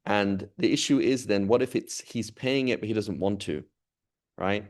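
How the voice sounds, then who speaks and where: A man's voice: on the low side, normal speed. A man teaching an informal class, talking conversationally and often checking in with the students. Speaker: Islamic studies teacher.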